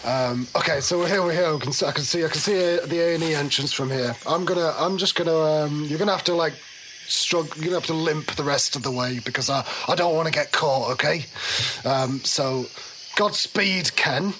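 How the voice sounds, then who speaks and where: A man's voice: on the high side, sharp tone, a little hiss or hum. A man narrating a comedy tabletop game as game master, playful and teasing. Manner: playful, teasing, halting with fillers. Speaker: game master and podcast host.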